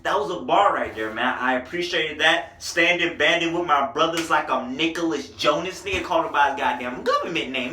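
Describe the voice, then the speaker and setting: A man giving a casual, animated album review, slangy and excited about the lyrics, recorded roomy and from a distance. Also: on the high side, a little fast, few pauses, slight background noise. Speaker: music reviewer.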